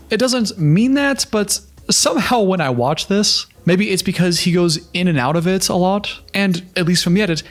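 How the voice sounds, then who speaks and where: A man giving sarcastic, incredulous reaction commentary on a reality show, breaking down what he sees. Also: fairly high pitch. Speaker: YouTube commentator.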